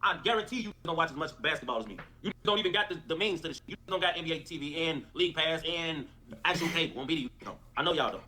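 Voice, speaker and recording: A man's voice: on the high side, rapid-fire. A man delivering a profane, repetitive livestream rant. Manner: animated, repetitive, cursing.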